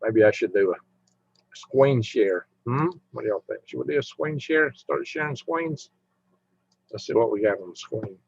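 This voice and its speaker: A man's voice: medium pitch, moderate pace, vocal fry, husky, dry recording. A man hosting a casual live stream, rambling as he chats with viewers and humming to himself. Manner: rambling, chatty, hums to himself while browsing. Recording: dull lo-fi mic sound.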